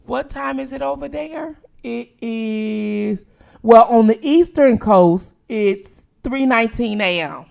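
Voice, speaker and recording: A woman from Detroit hosting a late-night livestream, chatting casually with viewers and reacting quickly to each comment. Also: on the high side, gravelly. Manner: animated, reads out viewer locations with quick reactions. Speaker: livestream host.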